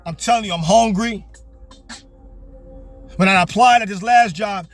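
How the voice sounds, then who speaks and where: A young man delivers a fervent, repetitive sermon from inside his parked car. His voice sits high for a man, and faint music plays beneath his preaching. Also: measured pace. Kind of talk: motivational sermon.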